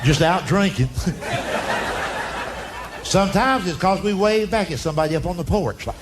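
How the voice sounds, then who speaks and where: A man's voice: high voice, expressive, moderate pace. A middle-aged man telling stand-up stories in a folksy, drawling way on a club stage. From United States. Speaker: stand-up comedian. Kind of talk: stand-up storytelling. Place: comedy club stage with live audience. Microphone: stage mic. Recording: live club recording, crowd noise. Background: audience laughter.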